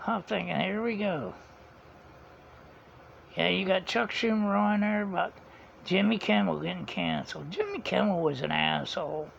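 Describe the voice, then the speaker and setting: A man's voice: high voice, moderate pace, vocal fry, long pauses, a bit bright. A man, telling a rambling story in a casual vlog, chuckling often and retelling conversations. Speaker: vlogger. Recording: dull lo-fi sound, faint background hiss.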